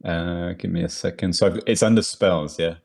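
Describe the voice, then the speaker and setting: Very deep-voiced man, casual player who keeps laughing. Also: steady tone, moderate pace, gravelly, a little mellow, slightly rough. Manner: laughs often, chatty. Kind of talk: casual tabletop play.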